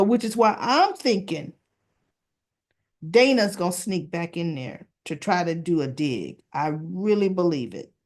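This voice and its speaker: Chatty woman recapping a soap. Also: fairly low pitch. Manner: chatty and animated, mimicking characters in retelling; searches for words with restarts and fillers. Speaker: soap opera recap vlogger. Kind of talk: casual spoken recap.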